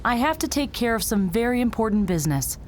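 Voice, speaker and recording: Stubborn young time traveler, kinda high, bouncy voice, shrugs off worry. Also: female voice, very animated, fast talker, a little hiss or hum. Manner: headstrong, brushes off concern. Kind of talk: game voice acting.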